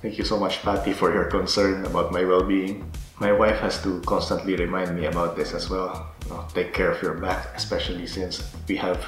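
A man in his thirties talking casually in a gardening vlog, relaxed and easygoing with soft chuckles. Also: deep voice, fairly quick. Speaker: gardening vlogger. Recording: roomy echo with faint music.

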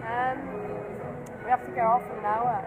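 A young woman chatting casually as she gives a quick tour on the deck of a cruise ship, filmed on a handheld camera. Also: fairly high pitch, little pitch movement, narrow, tinny audio, loud music behind the voice. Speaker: vlogger giving a tour. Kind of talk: casual chat.

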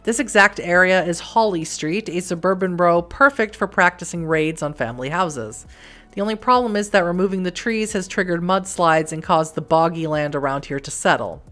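A woman's voice: on the low side, moderate pace, a bit bright, faint music behind. A woman hosting a let's play, reading the game's text aloud with wry, joking asides.

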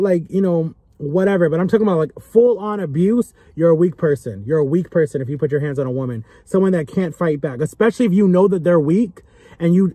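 Young man, emotional, pleading, repetitive, higher-pitched voice, mellow tone. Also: no room sound. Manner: earnest and pleading, repeats phrases for emphasis. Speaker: vlogger. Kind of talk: impassioned direct-to-camera talk.

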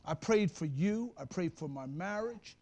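A man preaching a sermon as pastor, talking straight to his congregation with humor and breaking into shouts at the high points. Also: lively intonation, measured pace. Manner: conversational, addresses the congregation directly.

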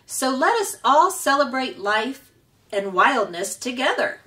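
A woman voicing a gentle, formal robot. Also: sits high, very animated, measured pace, far from the mic, pitched above the performer's own voice, full character voice. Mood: joyful. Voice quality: precise, formal phrasing.

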